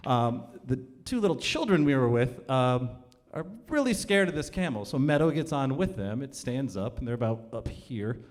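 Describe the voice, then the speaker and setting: A man's voice: mid-range voice, moderate pace, few pauses. A man telling a comic true story live on stage before an audience, acting out the dialogue. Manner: animated, comic, acts out dialogue. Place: cultural center stage, in front of an audience.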